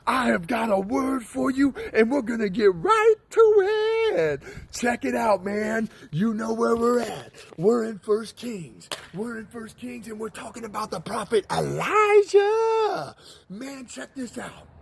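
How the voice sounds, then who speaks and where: Gravelly high-voiced slangy preacher man. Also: unhurried, a crowd in the background. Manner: slangy, animated, shouts for emphasis. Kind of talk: casual street-style sermon.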